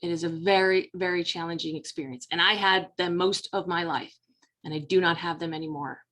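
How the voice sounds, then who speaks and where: A woman's voice: on the low side, a bit bright. Middle-aged woman, life coach, earnest motivational talk straight to the viewer. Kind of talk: personal story told to camera.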